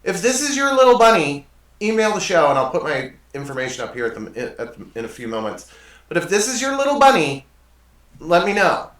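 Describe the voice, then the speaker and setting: A man's voice: sits high, sing-song, fairly quick, fairly bright tone. Male show host, chatty and rambling, voice jumps around a lot, mic a bit far off. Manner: rambling, self-correcting, self-deprecating. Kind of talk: casual monologue storytelling. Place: desk in a home studio. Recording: echoey room, mic at a distance.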